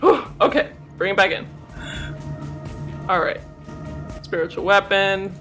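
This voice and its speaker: High-voiced giggly man at a tabletop game. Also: expressive, unhurried, music in the background. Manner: giggly, fits of laughter. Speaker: player. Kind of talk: tabletop play.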